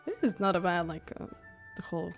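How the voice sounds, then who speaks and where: A woman live streaming a video game, chatting casually with her viewers, giggly and prone to excited squeals. English is not her first language. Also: fairly low pitch, fast talker, creaky. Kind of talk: casual gaming stream chat. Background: faint game music.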